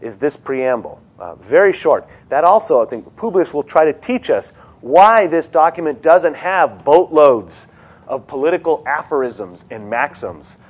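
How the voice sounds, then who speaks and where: Joking lecturer with many fillers. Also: male voice, fairly high pitch, big pitch swings, a little slow, husky. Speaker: teacher leading a seminar. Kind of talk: classroom lecture and discussion.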